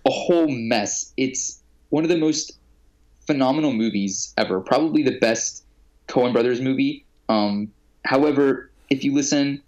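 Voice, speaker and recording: A man's voice: medium pitch, muffled recording. A young man co-hosting a casual chat, talking eagerly about movies. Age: young adult. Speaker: podcast co-host.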